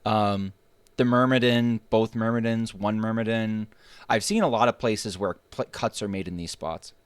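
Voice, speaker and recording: A man hosting a casual gaming chat, quick and joking, often restarting his sentences. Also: lowish voice, fairly even intonation, clean tone, no room sound. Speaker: host. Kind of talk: casual podcast-style chat.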